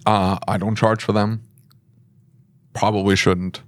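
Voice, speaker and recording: A man with a fairly low voice hosts a casual podcast and walks listeners through business advice in a plain, coaching way. The sound is dry and close, with no room around it. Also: level tone, a little slow, no room sound. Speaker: podcast host and shop owner.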